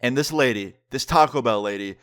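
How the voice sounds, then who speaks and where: A young adult man recounts a story for his vlog in a loose, chatty way, dropping "like" into almost every line. His voice sits at an ordinary middle pitch for a man. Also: brisk, fairly bright tone. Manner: chatty, heavy use of "like" fillers. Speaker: vlogger. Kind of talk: casual storytime retelling.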